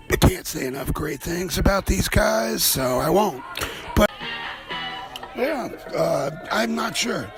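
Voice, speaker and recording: A man's voice: high voice, lively intonation, takes it slowly, gravelly, over music. A man hosting a comedy show, rambling through a profane, offhand monologue. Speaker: host.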